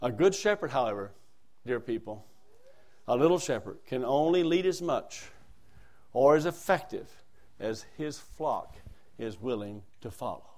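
A man delivering a sermon at a mid-range pitch. His volume rises and falls sharply, from hushed asides to forceful emphasis, and he declaims scripture passages aloud in a raised, ringing voice. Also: lively intonation, unhurried, pauses often. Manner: swings between soft asides and loud emphatic lines. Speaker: preacher.

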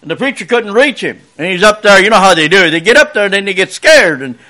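High, bright-voiced man telling a church story. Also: big pitch swings, fast talker. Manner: chatty storyteller, asks the congregation questions. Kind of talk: folksy children's story in a church service.

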